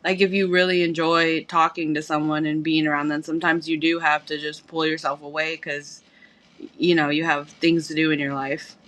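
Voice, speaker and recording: A woman's voice: deep voice, level tone, moderate pace, a bit bright. A woman co-hosting a casual podcast, frank and candid, swearing casually and laughing easily. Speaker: podcast co-host. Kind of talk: casual conversational podcast chat.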